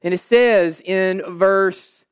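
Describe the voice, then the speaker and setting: A youth pastor with a mid-range, smooth voice speaks slowly as he preaches in church. He's emphatic and animated, talking directly to the teenagers.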